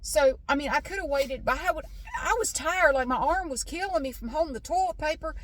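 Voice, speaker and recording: A woman's voice: sits high, fairly quick, fairly bright tone, no echo. A middle-aged woman telling a casual vlog story, chatty and exasperated, ranting and swearing freely. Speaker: vlogger.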